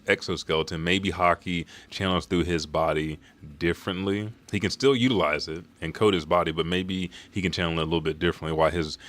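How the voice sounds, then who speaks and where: Deep-voiced man narrating a comic casually. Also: fairly bright tone. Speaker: manga reaction host. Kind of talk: live comic chapter read-through.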